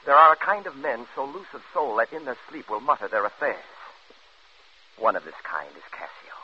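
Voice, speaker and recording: An actor playing a sly, scheming villain in a 1950s radio drama, speaking in smooth, insinuating tones on an old radio broadcast. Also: male voice, medium pitch, big pitch swings, moderate pace, lo-fi sound.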